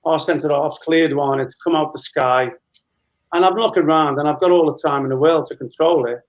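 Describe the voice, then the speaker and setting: A man in his fifties, a former footballer, telling lively anecdotes with frequent laughter as an interview guest. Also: fairly high pitch, poor audio. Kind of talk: casual storytelling interview.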